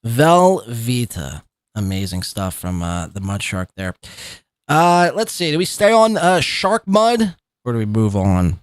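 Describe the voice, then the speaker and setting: A man's voice: fairly low pitch, very animated, measured pace, smooth, no echo, clean studio sound. A man in his thirties hosting a podcast, giving mocking, sarcastic commentary on clips. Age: 30s. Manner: sarcastic, derisive, repeats words for laughs. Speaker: podcast host.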